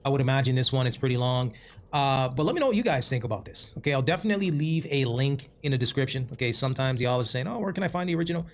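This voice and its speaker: Fast-talking man wrapping up a video. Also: medium pitch, expressive. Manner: chatty, repeats "okay" while addressing viewers. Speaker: channel host. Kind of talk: casual outro to viewers.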